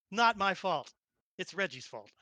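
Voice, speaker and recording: A chatty woman narrating moves as a player in a tabletop role-play stream. Her voice is bright and forceful, and the close mic leaves it dry. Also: mid-range voice, no room sound. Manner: laughing, chatty.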